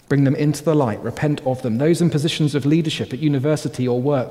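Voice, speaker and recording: A man's voice: fairly high pitch, fast, few pauses. Earnest male pastor preaching in a hall. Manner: earnest exhortation, trailing to quiet emphatic phrases. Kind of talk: sermon. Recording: long hall reverb.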